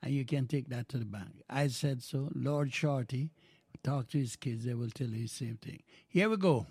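A man's voice: mid-range voice, moderate pace, darkish tone, breathy edge, dry recording. An older man from Jamaica with a Jamaican accent, hosting a radio show in a rambling, folksy chat that slips into patois. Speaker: radio host.

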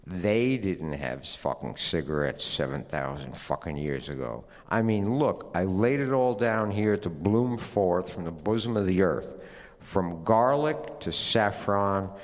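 A man's voice: sits low, lively intonation, unhurried, big-room sound. A man doing a weary, swearing ancient god. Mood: grumbling. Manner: tired, gruff, swearing. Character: weary ancient male creator god, profane.

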